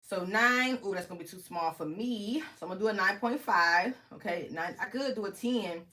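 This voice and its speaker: A woman teaching a crafting tutorial in a casual, fast-talking way, often checking in with the viewer by asking "okay?" as she walks through each step from her home craft workspace. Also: mid-range voice, pushed and bright, a little hiss or hum. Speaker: crafting instructor. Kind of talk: casual screen-share tutorial.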